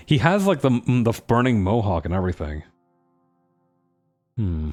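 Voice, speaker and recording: Low-voiced male streamer, wry and lively, quiet game music underneath. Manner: wry, sarcastic, animated. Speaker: gaming streamer playing a role-playing video game. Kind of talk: casual gameplay commentary and reading game text aloud.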